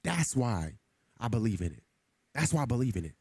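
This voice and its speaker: A man's voice: mid-range voice, very animated, brisk, a little mellow, breathy edge, no room sound. A man streaming a game who talks casually to his chat in an earnest, preachy way, often repeating himself. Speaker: gaming streamer. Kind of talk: casual livestream talk to chat.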